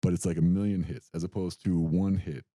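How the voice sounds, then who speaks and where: A man's voice: low-pitched, brisk, no echo. A young adult man co-hosting a podcast, telling a story in casual chat and acting out the quotes. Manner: animated storytelling, acts out quotes. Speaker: podcast co-host.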